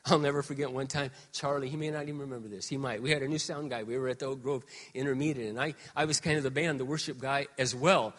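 Man, 60s, pastor preaching in a reverberant sanctuary; bright, forceful voice, soft asides, shouted appeals. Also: medium pitch, fairly even intonation, quick pace, few pauses. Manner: swings from soft confiding to loud shouted exhortation. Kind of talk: sermon. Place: church sanctuary.

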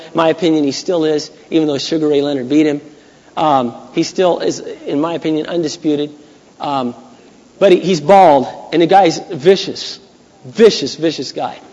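Husky, high-voiced male preacher in a hall. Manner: conversational storytelling, rising to loud emphatic peaks. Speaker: pastor. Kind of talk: sermon. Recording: dull 1980s church recording with long hall echo.

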